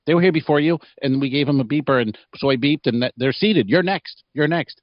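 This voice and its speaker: A timid young hostess, as a man puts her on, apologetic and nervous as she tries to explain the waitlist to an angry customer. The voice is pitched up and sounds jittery. The recording is dry and a touch muffled. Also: a little fast, dry recording, natural voice. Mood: scared. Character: scared young female restaurant hostess. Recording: dry, slightly dull sound.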